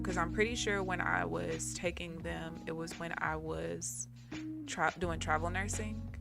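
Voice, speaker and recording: Lady streamer just chatting, kinda low voice, laughs a lot, faint music behind. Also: creaky. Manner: chatty, candid, laughs often. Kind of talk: casual live-stream chat.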